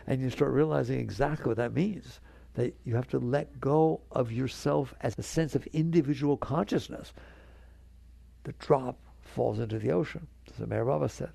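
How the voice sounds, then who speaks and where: A man's voice: mid-range voice, normal speed, gravelly, dark tone, dry recording. A man giving a spiritual talk to an audience, earnest and conversational, coaxing his listeners along. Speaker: spiritual teacher.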